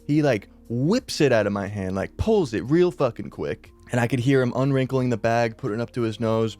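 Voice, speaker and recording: A man's voice: medium pitch, darkish tone, no room sound, soft background music. A young man telling a story on his channel in a casual, slangy way, swearing often and acting out his friends' lines. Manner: acts out friends' lines in quick voices. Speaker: YouTuber. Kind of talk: storytime vlog.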